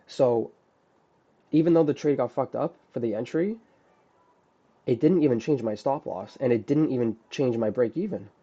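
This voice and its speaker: A man's voice: mid-range voice, normal speed, pauses often, warm tone, slightly rough. A man recapping a trade he closed too early, talking in a casual, profane, self-critical way. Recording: dull lo-fi audio.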